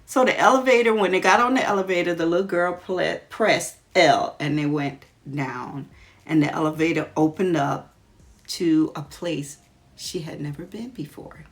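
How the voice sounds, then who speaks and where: A woman's voice: on the low side, normal speed. A woman vlogger chatting casually, retelling a story while doing her makeup.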